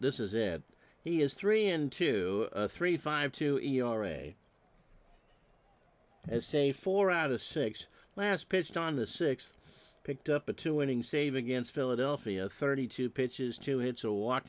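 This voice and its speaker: A man doing solo play-by-play of a simulated old baseball game, reading stats with dry jokes and getting loud on big plays. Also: mid-range voice, dry recording. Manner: dry joking asides between stats, erupts on big plays. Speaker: play-by-play announcer.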